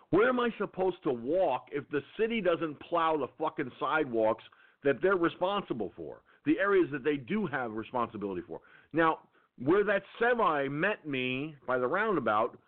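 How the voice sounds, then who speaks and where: A man hosting an internet radio show, telling a profane, angry story in a ranting monologue. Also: fairly high pitch. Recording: tinny phone-line sound.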